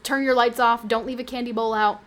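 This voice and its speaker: A woman streamer chatting casually with her viewers and reading their messages aloud. She is animated and giggly, with sudden high squeals. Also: brisk. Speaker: livestreamer.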